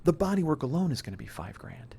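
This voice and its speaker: A man's voice: on the high side, sing-song, quick pace, creaky, mellow, a little hiss or hum. A man telling a comedic story as a podcast host, profane and building into exasperated ranting.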